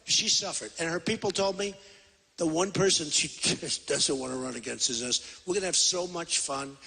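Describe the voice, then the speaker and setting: A man's voice: sits high, expressive, moderate pace, sharp tone, slightly rough. Boastful rambling man in his sixties. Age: 60s. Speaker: presidential candidate. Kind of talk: campaign rally speech. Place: large convention center hall. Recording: reverberant hall PA sound.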